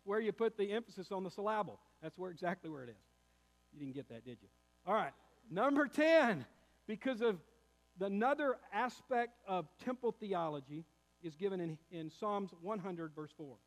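High-voiced preaching man in reverberant hall. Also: animated, moderate pace. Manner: preaching with rising emphasis, addresses listeners as beloved. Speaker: pastor. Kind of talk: sermon.

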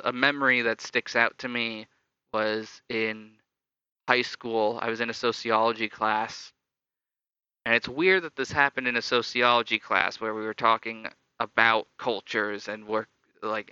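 A young adult man tells casual, reflective stories about how he grew up, rambling loosely. His medium-pitched voice has a sharp, clean tone, and the dry lo-fi recording, with no room sound, comes across slightly dull.

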